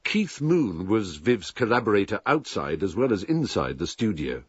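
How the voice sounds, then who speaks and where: A man's voice: lowish voice, very animated, normal speed, husky, dry recording. A male documentary presenter introducing the interviewees in scripted narration. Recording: dull, dry lo-fi recording.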